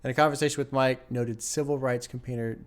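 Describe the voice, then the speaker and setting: A man's voice: medium pitch, fairly even intonation, quick pace. A man hosting a music reaction video, musing and rambling in casual commentary, chuckling often and sometimes dryly sarcastic. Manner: wry sarcasm.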